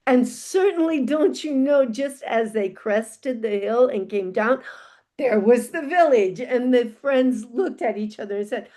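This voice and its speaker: Slow, expressive woman storyteller. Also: on the high side. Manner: unhurried, expressive. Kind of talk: live folk-tale telling.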